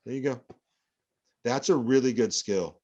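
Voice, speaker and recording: A man's voice: mid-range voice, a little slow, darkish tone, highs cut off. A male professor giving a rambling, anecdotal classroom lecture full of fillers.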